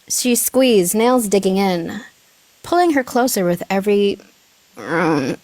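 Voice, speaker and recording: A woman's voice: mid-range voice, sing-song, slow, pauses often, a little mellow, dry recording. A woman streamer reading a story aloud on a live stream, giggling and correcting herself as she goes.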